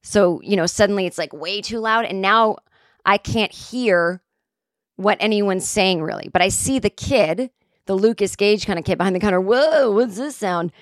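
A woman's voice: mid-range voice, normal speed, dry recording, clean studio sound. Rambling, self-mocking woman in her forties. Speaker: comedic storyteller. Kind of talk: casual anecdote telling.

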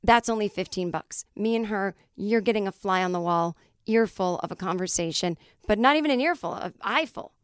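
A woman hosting her own podcast in a solo monologue, cranky and animated, swearing freely as she plugs her shows, her voice not fully recovered, on a close studio mic. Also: medium pitch, brisk, few pauses, clean tone, no room sound. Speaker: podcast host and comedian.

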